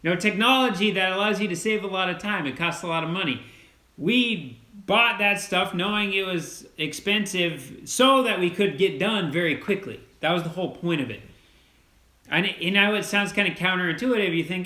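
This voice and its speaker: A young man hosting a casual farm livestream, upbeat and quick as he thanks donors by name. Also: high-pitched, bright, forceful tone. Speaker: channel host reading donations. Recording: roomy echo.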